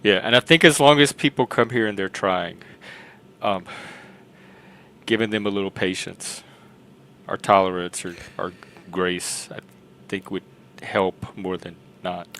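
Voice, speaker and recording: A man's voice: deep voice, fairly even intonation, a little slow, fairly bright tone, slight background noise. A man co-hosting a casual podcast chat, earnest and thinking aloud. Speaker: podcast co-host.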